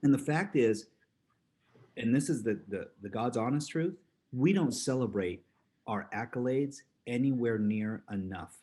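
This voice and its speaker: A man giving a motivational talk, animated, laughing often and acting out voices in his stories. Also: medium pitch, a little slow, breathy edge. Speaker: motivational speaker.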